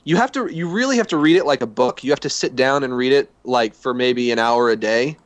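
A man co-hosting a casual podcast, reading listener emails aloud with quick, easygoing asides. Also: mid-range voice, expressive, dry recording.

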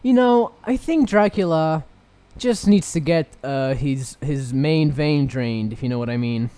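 A man's voice: fairly high pitch, unhurried, warm tone, smooth, no room sound. A man co-hosting a casual livestream podcast, joking around and swearing freely. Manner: jokey, swears freely, goofy asides. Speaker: podcast co-host. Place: home in Egypt.

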